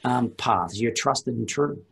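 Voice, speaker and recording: A man's voice: medium pitch, expressive, slow pace, creaky, a bit bright. A middle-aged man hosting a business chat, asking long, winding questions and pushing back on his guest's answers. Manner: probing, rambling questions. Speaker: host.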